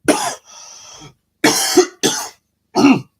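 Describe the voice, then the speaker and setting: Slow, rambling man streaming. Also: a bit bright. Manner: rambling, trailing off and restarting. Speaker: livestream host. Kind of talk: casual live-stream chat.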